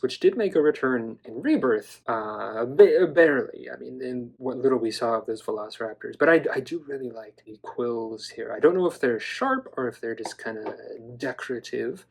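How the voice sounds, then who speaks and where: A man's voice: mid-range voice, gravelly. A man casually reviewing collectible dinosaur toys in a chatty, enthusiastic, playful way. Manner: enthusiastic, chatty, playful, with some stammering restarts. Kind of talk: casual toy review vlog.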